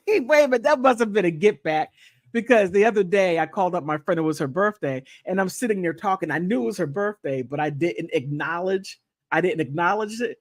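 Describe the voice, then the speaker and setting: A woman hosting a casual livestream, chatting playfully and thanking viewers, with high laughs and quiet, sincere asides. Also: brisk, no echo, clean studio sound. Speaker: content creator hosting a livestream. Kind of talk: casual livestream chat reacting to gossip and viewer comments.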